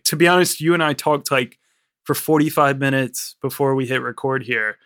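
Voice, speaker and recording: A man's voice: mid-range voice, moderate pace, a bit bright, clean tone. A man from Virginia co-hosting a film podcast in a rambling, joking casual chat, swearing freely, with a mild Southern accent. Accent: mild American Southern. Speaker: podcast co-host.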